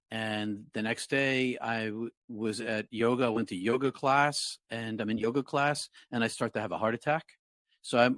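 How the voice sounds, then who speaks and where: An earnest man in his sixties tells a personal story with reflective calm, pitched right in the middle for a man. The sound is close and dry, with no room around it. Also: dry recording. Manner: earnest, reflective, acts out his own past words. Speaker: interview guest.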